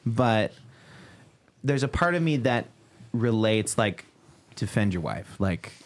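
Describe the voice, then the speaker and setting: A man co-hosts a casual podcast over a studio microphone. He jokes around and acts out scenes, and his pitch swings all over the place. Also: slow pace. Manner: joking, animated, acts out scenes. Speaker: podcast co-host. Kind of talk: casual chat.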